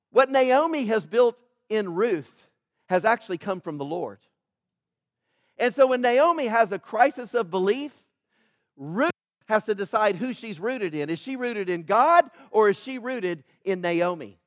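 A man preaching a sermon as pastor, emphatic and addressing the congregation directly, swinging between loud build-ups and hushed asides. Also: high voice, no room sound, clean studio sound. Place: church, in front of a congregation.

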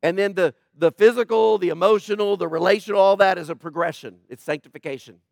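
A man's voice: sits high, fast, vocal fry, dry recording, clean studio sound. A male pastor preaching a sermon, emphatic and full of rhetorical questions to the congregation.

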